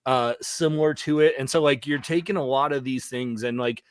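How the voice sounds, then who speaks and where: A man's voice: medium pitch, fairly quick, smooth, no room sound. A man on a discussion panel, talking in a rambling way full of fillers. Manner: rambling, lots of "like" and "you know". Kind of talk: casual panel chat.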